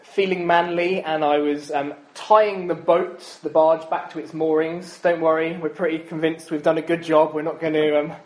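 A man's voice: a little high, level tone, moderate pace, few pauses, darkish tone, poor audio. Man preaching a chatty sermon. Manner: chatty, self-deprecating, frequent ums.

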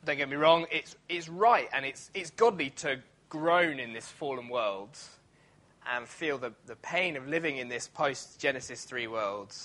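A man's voice: medium pitch, unhurried, pushed and bright. A man preaching a sermon in a church, talking in a conversational way with many fillers and restarts, now and then acting out grumbling voices.

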